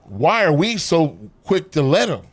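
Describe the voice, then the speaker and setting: A man, an actor and comedian, telling profane, animated stories in a casual interview backstage at a comedy club. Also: fairly high pitch, a little slow, no echo. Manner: profane, animated storytelling with acted-out quotes.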